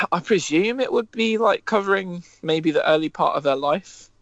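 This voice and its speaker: A man co-hosting a podcast in casual chat, enthusiastic and animated, swearing freely. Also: sits high, measured pace, no echo. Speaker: podcast co-host.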